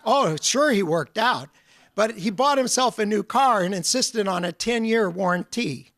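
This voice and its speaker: High-voiced man telling stories. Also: a little slow, fairly bright tone. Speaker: guest speaker. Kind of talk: storytelling lecture.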